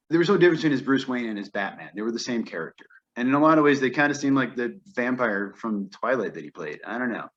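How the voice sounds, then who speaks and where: A man's voice: medium pitch, a bit bright, lo-fi sound. A man co-hosting a podcast, giving an opinionated, wryly complaining casual film review. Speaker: podcast co-host.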